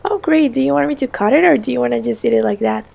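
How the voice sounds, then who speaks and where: A woman's voice: fairly high pitch, fast talker, vocal fry, mellow. A woman doing an upbeat toy-play dad. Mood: caring. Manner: eager and upbeat. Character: cheerful family dad on vacation.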